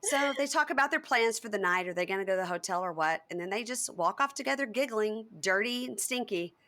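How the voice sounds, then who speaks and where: A woman's voice: medium pitch, expressive, fast talker, a bit bright. A woman hosting a podcast, recapping a reality show in casual chat and acting out the quotes in playful voices. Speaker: podcast host.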